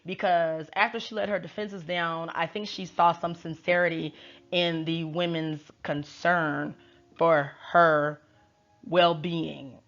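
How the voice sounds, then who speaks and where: Chatty low-voiced woman tarot reader. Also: flat delivery, slow, a bit bright. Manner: chatty, slangy and wry. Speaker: tarot reader and show recapper. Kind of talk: casual chat. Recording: dull lo-fi recording.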